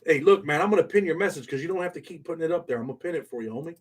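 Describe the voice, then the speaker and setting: A middle-aged man hosting a casual live stream, reading chat and talking bluntly in street slang, dropping "man" after nearly every phrase. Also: rapid-fire. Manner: swings from low mumbles to loud excited outbursts.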